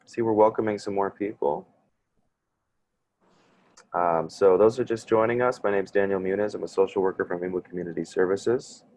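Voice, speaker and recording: Low gravelly man leading a parent workshop. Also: steady tone, normal speed, darkish tone, slight background noise. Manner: hesitant, full of fillers and restarts. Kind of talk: online workshop presentation. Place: video call.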